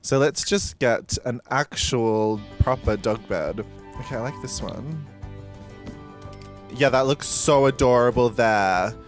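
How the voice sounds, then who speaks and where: A man's voice: medium pitch, slow, soft background music. A man as a drag queen streamer, commenting casually on a life-sim game, gushing, gasping and squealing with delight and swearing freely. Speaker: drag queen let's-play host.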